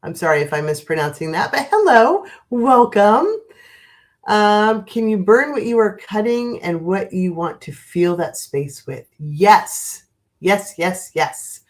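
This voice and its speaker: A woman hosting a spiritual livestream, chatting gently with viewers and rambling through many fillers and restarts. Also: fairly low pitch, lively intonation, a little slow. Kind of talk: casual live chat with viewers.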